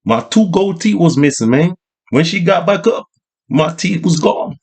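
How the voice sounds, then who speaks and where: A man's voice: fairly high pitch, lively intonation, normal speed, a little mellow, husky, pitched above the performer's own voice. A man voicing an older male street hustler who rambles and boasts in heavy slang. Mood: rambling.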